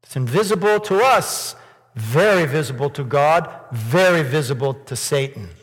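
A man's voice: on the high side, lively intonation, normal speed. Man preaching in a reverberant church. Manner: rhetorical questions, rising to loud emphatic peaks. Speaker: pastor. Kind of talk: sermon. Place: church sanctuary. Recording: long hall reverb.

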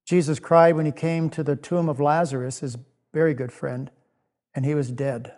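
A man giving a gentle children's sermon, often asking the children questions and dropping to a soft, quiet voice. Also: a little high, fairly even intonation, normal speed. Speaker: children's minister. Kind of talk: children's object lesson sermon.

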